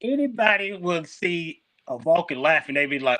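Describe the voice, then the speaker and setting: A man with a bright, fairly high voice chats on a podcast, emphatic and excitable. The recording is close and dry. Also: normal speed, no room sound, poor audio. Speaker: podcast co-host. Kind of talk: casual chat.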